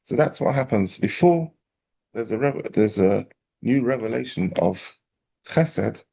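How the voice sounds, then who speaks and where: A man, a rabbi telling a parable in a lively storytelling class. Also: medium pitch, a little slow, vocal fry, husky. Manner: animated storyteller, acting out quotes.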